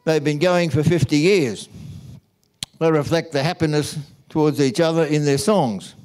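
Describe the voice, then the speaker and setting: A man, a Catholic priest, giving a homily in a slow, measured storytelling manner. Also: a little high, darkish tone, clean tone.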